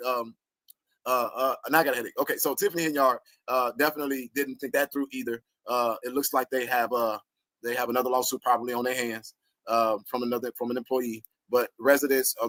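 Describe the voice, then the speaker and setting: This fired-up rant comes from an online commentator with a mid-range voice, who swears and laughs often while animatedly addressing his viewers, recorded dry.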